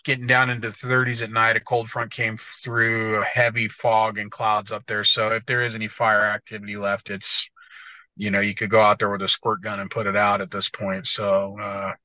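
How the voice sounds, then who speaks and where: A blunt American man chats as a podcast guest, swearing freely and tripping over his own restarts. His voice is bright and forceful. The sound is dull and lo-fi, with a dry, close feel. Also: on the low side, flat delivery, normal speed, no room sound. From United States. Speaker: guest motocross editor. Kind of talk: casual podcast chat.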